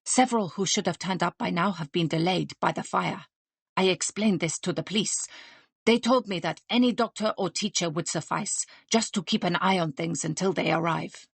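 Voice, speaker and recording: A woman's voice: lowish voice, vocal fry, slightly rough, dry recording. A woman voicing a willowy, courtly male restaurant manager who speaks in a formal, decorous way. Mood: grave. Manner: formal, decorous, measured speech.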